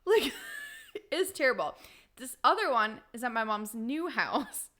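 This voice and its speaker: A woman's voice: on the high side, very animated, a little slow, sharp tone. A young woman from Wisconsin, co-hosting a podcast and telling candid stories with frequent laughs. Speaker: podcast co-host. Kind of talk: casual chat.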